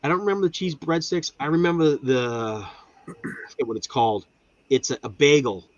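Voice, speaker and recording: A man, telling lively food stories in casual chat and acting out voices. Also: on the high side, fairly quick, lo-fi sound. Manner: animated storytelling, acts out voices. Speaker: guest.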